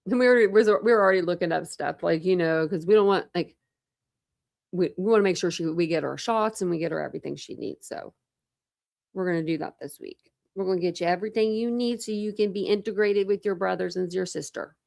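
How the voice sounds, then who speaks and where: A fairly low, gravelly, slightly mellow voice that moves fairly quickly comes from a true crime channel host. During her casual online chat she rambles, laughs often, browses videos, and talks and coos to her pets, recorded in clean studio sound without room sound.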